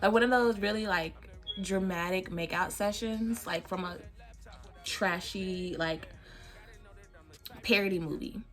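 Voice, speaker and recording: A woman's voice: mid-range voice, faint music behind. A young woman vlogger chatting casually while doing her makeup, telling a story with lots of laughter and cursing. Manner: animated, laughing, profane, drawn-out storytelling. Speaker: beauty vlogger.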